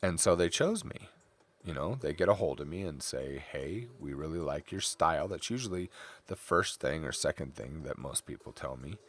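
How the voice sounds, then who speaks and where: With an animated bass voice at normal speed, a middle-aged man from California talks casually during a drawing stream. As an artist at work, he keeps wandering into tangents and stories.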